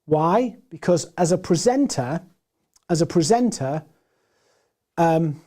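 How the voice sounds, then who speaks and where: A man with a gruff, hoarse voice presenting a live webinar, animated and deliberate, moving between loud points and quiet pauses. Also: fairly high pitch. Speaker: webinar presenter and sales trainer.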